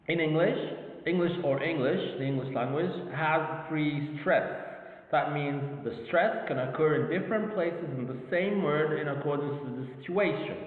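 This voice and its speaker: A man giving a slow, repetitive phonetics lecture, checking in with "okay?", speaking English as a non-native speaker. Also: on the high side. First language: Arabic. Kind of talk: university lecture. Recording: tinny, echoey hall recording.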